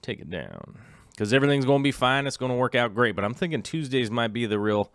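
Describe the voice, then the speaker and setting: A man's voice: mid-range voice, quick pace, clean tone, dry recording. A middle-aged man hosting a livestream in casual chat. He rambles with many ums and restarts and reads viewer comments aloud. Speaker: livestream host.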